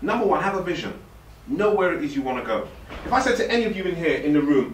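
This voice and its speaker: A fast-talking man, his pitch leaping all over as he jokes and speaks straight to a young crowd. He is a little above the usual male pitch, and he sounds far from the mic in an echoey hall with faint room noise behind him. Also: sing-song. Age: 40s. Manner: joking, direct and playful, puts on slangy voices. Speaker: motivational speaker. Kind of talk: lively motivational talk to a youth audience. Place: event hall with a live audience.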